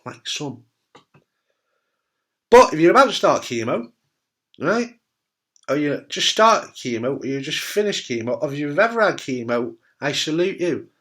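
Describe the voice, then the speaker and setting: A man's voice: a little high, big pitch swings, moderate pace, pauses often, fairly bright tone. A middle-aged man from the UK, a cancer survivor talking candidly to camera, blunt and jokey, swearing casually and often asking "right?". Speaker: testicular cancer survivor giving advice.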